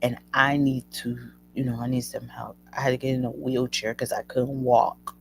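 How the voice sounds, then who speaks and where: A woman hosting a show, telling a personal story to her listeners in an emotional, animated way. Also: extremely low pitch, moderate pace, vocal fry, a little hiss or hum, rough recording. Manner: emotional, animated retelling addressing listeners as y'all. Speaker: host.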